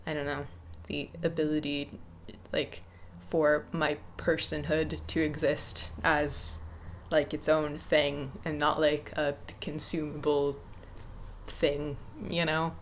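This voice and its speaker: A young woman in her twenties talking to camera off the cuff, hesitant and reflective, with many pauses and restarts. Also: low-pitched, little pitch movement, a little hiss or hum. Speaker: YouTuber. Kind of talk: casual unscripted talk to camera.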